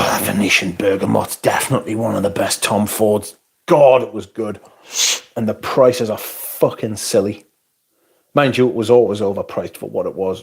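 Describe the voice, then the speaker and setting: A man's voice: fairly low pitch, gravelly, husky. A middle-aged man, hosting a livestream in a loose, rambling, swear-heavy chat and reading out viewer comments. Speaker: livestream host.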